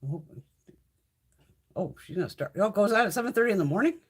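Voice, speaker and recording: Chatty, husky woman, lively pitch. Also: quick pace. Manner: chatty and profane, reads out viewer comments. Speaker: beauty livestream host. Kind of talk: casual live chat.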